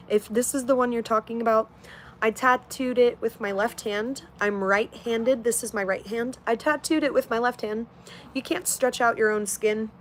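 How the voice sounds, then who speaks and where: A woman's voice: a little high, a little hiss or hum. Blunt, foul-mouthed young woman streamer. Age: 20s. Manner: blunt and heavily profane. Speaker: livestreamer. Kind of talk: casual livestream chat reading comments.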